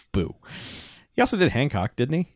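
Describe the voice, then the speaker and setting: This man co-hosts a podcast and rambles through a casual movie review, swearing and full of enthusiasm. His voice sits in the mid-range, captured dry at studio quality.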